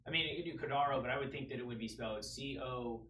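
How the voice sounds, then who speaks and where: A man's voice: mid-range voice, fast, sharp tone, roomy sound, distant mic, a little hiss or hum. A man co-hosting a podcast in casual chat, often stumbling and repeating his words. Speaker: podcast co-host.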